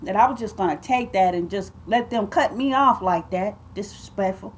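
A woman's voice: medium pitch, normal speed, a little hiss or hum. A woman, telling a story to her viewers in a casual, emphatic way and calling them y'all and babe. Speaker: vlogger.

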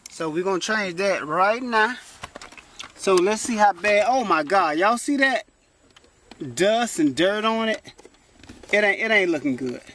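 Sitting inside a parked car, a chatty vlogger walks his viewers through a repair, exclaiming as he works and speaking straight to the camera. His voice is high for a man, bright and forceful. The camera is close, and a faint hiss sits in the background.

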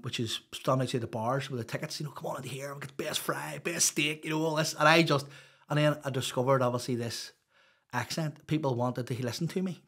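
A Northern Irish man, a podcast guest, telling his life story in a rambling, open way, full of "you know". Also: medium pitch. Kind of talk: casual storytelling interview.

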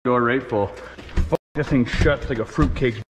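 A rowdy man rattles off crude, swear-filled banter as he opens packages. His voice sits at a middling pitch. It rings with a long reverb and a faint background hiss, like a garage. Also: moderate pace. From Canada. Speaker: channel host. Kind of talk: casual unboxing vlog.

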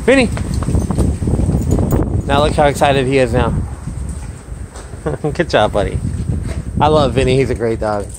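A man in a yard with his dogs vlogs as a trainer, explaining their behaviour and breaking off upbeat to call them by name. His mid-range voice has lively intonation, but he talks a little slowly with long pauses. The background is noisy.

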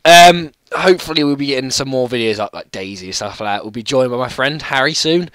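A young man giving casual, chatty commentary while playing a video game, apologetic and quick to yelp at what happens on screen. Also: medium pitch, animated, fairly bright tone, dry recording. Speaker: gaming channel host.

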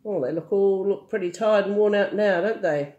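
An older woman reading a picture book aloud, gentle and amused with chatty asides. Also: medium pitch, normal speed, lo-fi sound. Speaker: storyteller.

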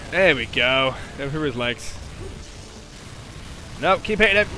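Young dude yelling at his game, bright voice that jumps all over, faint game music behind. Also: fairly high pitch, normal speed, pauses often. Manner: excitable, yelps and shouts at the game, swears often. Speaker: gaming commentator. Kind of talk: live gameplay commentary.

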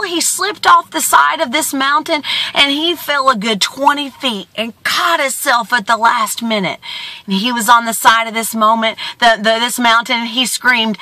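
Woman, motivational vlogger, expressive, emphatic, dry close sound, bright. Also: high-pitched, dry recording. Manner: expressive, emphatic, sing-song storyteller. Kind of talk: motivational vlog talk.

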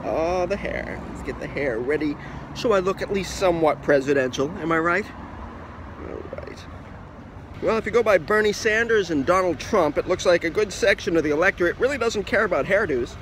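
A man's voice: high-pitched, lively intonation. Playful man on a noisy street. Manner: playful, sing-song slogans, drawn-out "oh yeah". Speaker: vlogger running a joke presidential campaign. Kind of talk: casual vlog to camera, mock campaign speech. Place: outdoors on city streets, in traffic. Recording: outdoor street noise.

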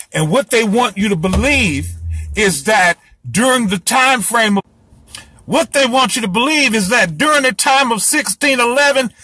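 A man's voice: high voice, sharp tone, husky, no room sound. A man giving a heated solo monologue to his audience, ranting in a fiery, profane, preachy way. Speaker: host lecturing his audience.

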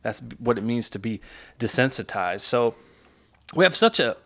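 A middle-aged man, a pastor, chats through a song's lyrics in an easygoing way at a middle pitch. He reads lines aloud, then unpacks them, often restarting with "uh" and "you know". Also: expressive, normal speed, fairly bright tone. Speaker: pastor reacting to music. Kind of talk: casual reaction chat.

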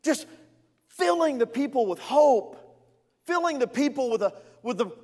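High-voiced playful preaching man. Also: lively intonation, moderate pace, darkish tone, in a large hall. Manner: playful, conversational preaching with asides to the congregation. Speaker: executive pastor. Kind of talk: sermon.

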